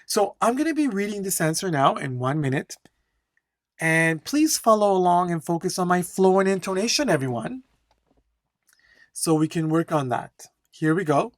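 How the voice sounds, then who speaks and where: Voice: mid-range voice, expressive, no echo, studio quality. A speaking test instructor teaching a lesson, stressing key words and often checking in with "okay?". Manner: slow, emphatic, keeps checking in with "okay?".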